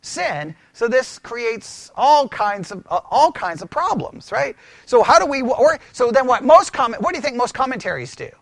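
A man teaching scripture in a conversational sermon, animated and full of rhetorical questions. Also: extremely high pitch, normal speed, gravelly, hardly any pauses, no room sound. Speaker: pastor teaching.

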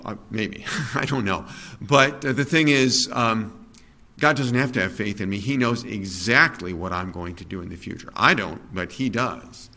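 A man preaching a sermon in a conversational, digressive way, with fillers, self-corrections and soft chuckles at his own asides. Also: on the low side, moderate pace.

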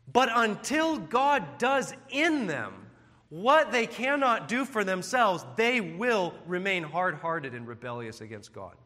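A male preacher delivers an earnest, emphatic sermon with a lively, swooping pitch. His voice sits high and bright. It hangs in the long reverb of a church hall. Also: takes it slowly.

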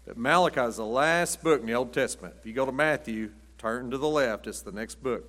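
A man's voice: mid-range voice, a little fast, fairly bright tone. A man preaching a sermon in a folksy, conversational way with acted asides, recorded in a church sanctuary. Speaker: pastor. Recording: long hall reverb.

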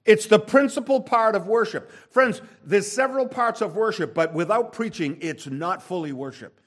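Emphatic male preacher with a lively pitch. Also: moderate pace. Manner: emphatic preaching with wide swings in pitch and loudness; rhetorical questions to the congregation. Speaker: pastor. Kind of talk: sermon.

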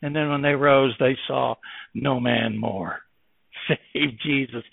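A man preaching a sermon with impassioned delivery that swings between loud emphasis and hushed tones. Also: medium pitch, fairly even intonation, slow pace, vocal fry, no echo. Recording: tinny phone-like, dry.

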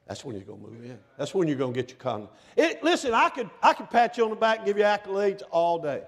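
A middle-aged man preaching a sermon in a church, swinging between shouted lines and hushed, almost whispered passages. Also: a little high, animated, fast talker, hardly any pauses. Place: church sanctuary. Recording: long hall reverb.

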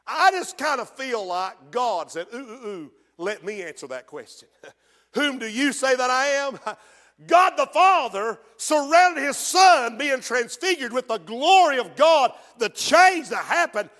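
A man preaching a sermon as pastor, rising to shouted peaks and slowing down on quoted scripture. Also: very high-pitched, animated, long reverb tail.

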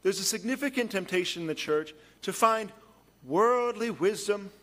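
Man preaching a sermon, slightly high voice. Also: lively intonation, normal speed. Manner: storytelling with shifts between hushed and emphatic delivery. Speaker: pastor.

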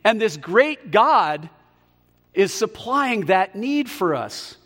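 High-voiced preacher in a reverberant hall. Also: male voice, very animated, a bit bright, faint music behind. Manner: emphatic, slowing on key words. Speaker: pastor. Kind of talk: sermon.

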